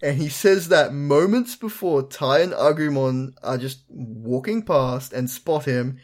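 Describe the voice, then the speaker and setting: Podcast host, middle-pitched voice, storytelling recap, acts out quotes, laughs and swears. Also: measured pace. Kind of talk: casual episode recap.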